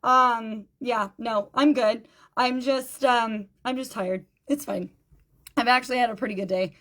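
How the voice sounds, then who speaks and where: A woman with a fairly high voice runs a live-stream jewelry sale, chatty and friendly with her viewers. She sounds tired and low on energy, greeting people by name and repeating item numbers again and again. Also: fairly even intonation, a little slow, fairly bright tone. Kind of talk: live-stream sales chat.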